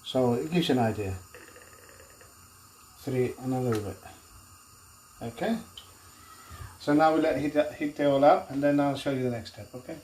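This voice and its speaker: A man's voice: mid-range voice, moderate pace, pauses often, a little mellow. A middle-aged man from northwest Spain hosting a casual home cooking demonstration, rambling and chatty, full of fillers and tag questions. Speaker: cooking show host. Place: home kitchen. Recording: echoey kitchen with cooking noise.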